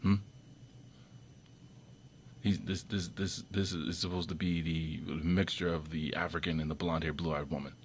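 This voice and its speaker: Over a slight hiss or hum, a video commentator speaks at a normal speed with a level tone and long pauses. His off-the-cuff monologue rambles through restarts and repeated words, and he's irritated, often jumping up sharply in pitch and volume.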